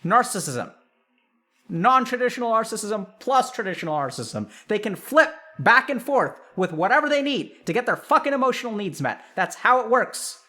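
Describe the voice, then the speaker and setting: A man hosting a stream, giving casual advice and acting out dialogue with animated delivery. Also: high voice, normal speed. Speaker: host.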